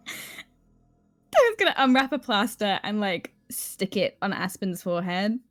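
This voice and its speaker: A woman's voice: medium pitch, big pitch swings, slow, faint music behind. A woman playing in a tabletop game, giggly and chatty with many fillers. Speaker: player. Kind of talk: casual tabletop game play.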